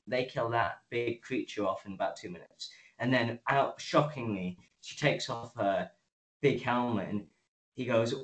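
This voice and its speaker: A man's voice: medium pitch, unhurried, rough recording. A man co-hosting a podcast, casually retelling a show's episode with acted-out quotes and frequent swearing. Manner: animated retelling, acts out quotes, swears freely. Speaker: podcast co-host. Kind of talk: casual episode review chat.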